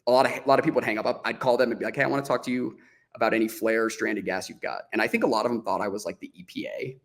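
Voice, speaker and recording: A man as a podcast guest, telling a story in a casual, animated way, acting out the dialogue as he goes and often restarting his sentences. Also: mid-range voice, very fast, creaky. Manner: frequent restarts and "like" fillers.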